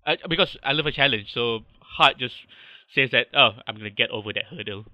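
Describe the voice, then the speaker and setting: Malaysian man, casual guest, rambling, mid pitch, lo-fi sound. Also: brisk, no room sound. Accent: Malaysian English. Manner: rambling, hesitant with many restarts. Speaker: podcast guest. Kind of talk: casual interview chat.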